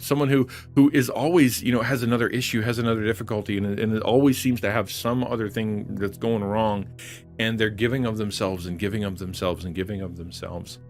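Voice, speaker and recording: A man preaching earnestly on a livestream, repeating phrases for emphasis. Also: fairly low pitch. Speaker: online pastor. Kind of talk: livestream sermon.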